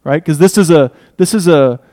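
Male preacher, slightly high voice, emphatic sermon delivery with loud-to-hushed dynamic swings. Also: moderate pace. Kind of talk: expository sermon.

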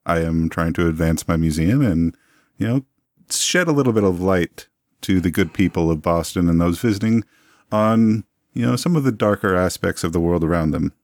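Deep-voiced florid showman, 1920s curator type, dry close sound voiced by a male player. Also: a little mellow, no echo. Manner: florid, long-winded, genteel phrasing. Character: pompous male 1920s museum owner, smooth-talking. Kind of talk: tabletop role-play in character.

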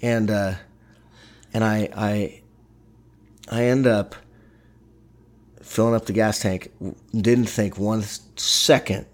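A middle-aged man, his voice sitting a little low. He tells a story in a loose, animated way, often breaking off and restarting his sentences. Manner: animated, halting, many restarts. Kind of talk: casual storytelling.

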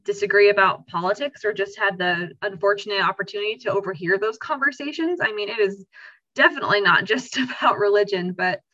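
A woman hosting a conversational podcast, her voice bright and forceful. She asks earnest, reflective questions, heard through a dull, dry recording with no room echo. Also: medium pitch, fairly quick. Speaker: podcast host. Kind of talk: casual conversation.

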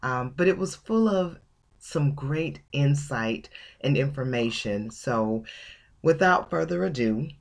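A woman from Georgia, hosting her own podcast and talking casually and emphatically, often laughing. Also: extremely low pitch. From Georgia, USA. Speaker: podcast host.

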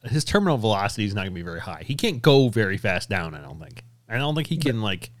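A man in casual banter with friends, blunt and quick to swear, laughing easily as he reacts. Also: fairly low pitch, big pitch swings, no echo, clean studio sound.

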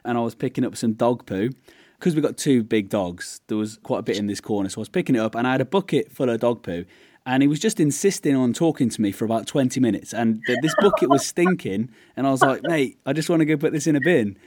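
A man chats as a podcast co-host, telling stories and acting out what others said. His voice sits at a middle pitch and sounds dry and close, with no room echo. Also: fast talker. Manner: relaxed storyteller, quotes people in lively asides. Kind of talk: casual chat.

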